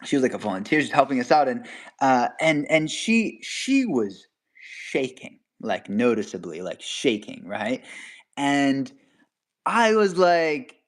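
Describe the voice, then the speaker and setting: Animated young man telling a story. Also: unhurried. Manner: acts out quotes with sudden pitch jumps. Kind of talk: storytelling in casual chat.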